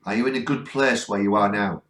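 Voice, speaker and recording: Low-voiced northern English ghost hunter. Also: male voice, fairly quick, a bit bright, reverberant. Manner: coaxing, earnest, keeps pleading for replies. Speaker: ghost hunting vlogger. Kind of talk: spirit box session, talking to spirits. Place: cold spot on a ghost hunt.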